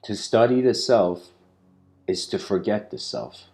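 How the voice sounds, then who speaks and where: Low-voiced man lecturing casually. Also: big pitch swings, unhurried, mellow. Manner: casual, rambling, full of "you know" and "like". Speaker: spiritual lecturer. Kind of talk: storytelling spiritual lecture.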